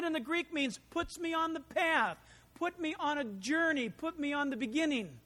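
A man preaching a sermon in an animated, conversational way, full of asides and rhetorical questions. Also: extremely high pitch, normal speed. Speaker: pastor.

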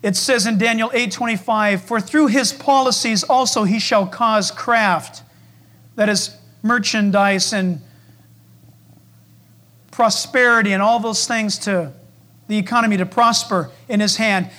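A man preaching a sermon, swinging between loud declarations and hushed asides, acting out voices and asking the congregation questions. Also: sits high, fairly even intonation, measured pace.

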